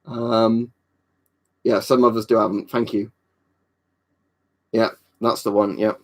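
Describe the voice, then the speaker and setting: A man's voice: fairly low pitch, flat delivery, slow pace. A young adult man from England chatting casually on a live stream, rambling, swearing freely and answering viewers' questions.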